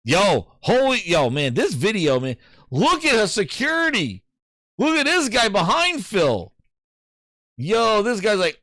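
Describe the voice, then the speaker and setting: A man hosting a casual gaming show, excitable and slangy, often breaking into laughter while he reacts. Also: high-pitched, measured pace, no echo, clean studio sound. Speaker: host. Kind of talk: casual live-show commentary.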